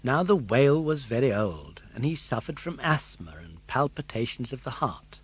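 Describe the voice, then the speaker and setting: An older man narrating a children's story in an expressive, animated way. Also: medium pitch, normal speed, husky. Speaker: audiobook narrator.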